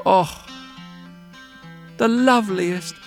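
A man telling a folk tale aloud in a lilting, unhurried way, with asides to the listener. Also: high-pitched, gravelly. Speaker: storyteller. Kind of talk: oral storytelling. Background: soft guitar.

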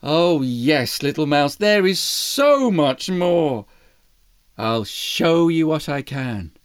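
A narrator voicing a large female eagle who speaks in a calm, assured and measured way in a storybook tale. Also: medium pitch, dry recording, clean studio sound, pitched below the performer's own voice.

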